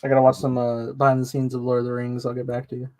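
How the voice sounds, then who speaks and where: A man's voice: medium pitch, monotone, racing, a little mellow. A man co-hosting a casual fan podcast, tossing in joking, dry asides and casual swearing. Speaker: podcast co-host.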